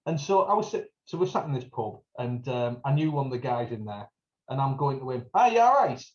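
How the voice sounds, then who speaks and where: A man's voice: medium pitch, brisk, darkish tone. Chatty North East English man, lo-fi. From North East England. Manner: storytelling, jokey, acts out greetings in a raised voice. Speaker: podcast co-host. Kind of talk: casual chat.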